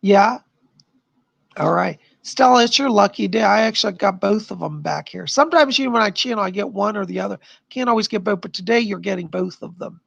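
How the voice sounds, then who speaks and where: A man hosting a live stream of psychic readings, chatty and animated, his voice tiring. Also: high voice, fairly quick, gravelly, no echo, muffled recording. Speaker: psychic medium host.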